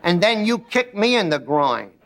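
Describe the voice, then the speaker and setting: A man voicing a gruff, stubborn country farmer inside a joke he tells. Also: high voice, big pitch swings, moderate pace, fairly bright tone, full character voice.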